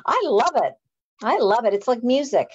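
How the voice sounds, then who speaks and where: A woman's voice: a little high, very animated, moderate pace, a little mellow, slight background noise. A woman from Canada chatting on a video call in a zany, exclamatory, gushing way. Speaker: guest author. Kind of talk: casual video call chat. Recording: dull lo-fi video call audio.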